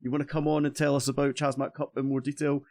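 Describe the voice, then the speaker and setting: A man's voice: mid-range voice, little pitch movement, quick pace, darkish tone. A man with a Scottish accent hosting a casual gaming stream, chatty and cheerful, often restarting his sentences. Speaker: streamer host.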